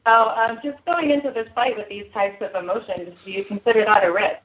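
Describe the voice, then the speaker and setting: A woman reporter asking polite, measured questions on a conference call. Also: medium pitch. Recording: tinny phone line.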